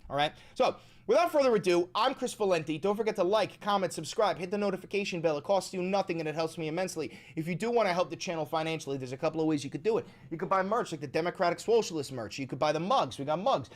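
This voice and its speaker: A man's voice: high-pitched, expressive, fast, hardly any pauses. A man in his thirties hosting a reaction stream, talking in a profane, emphatic, ranting way. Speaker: political commentary streamer.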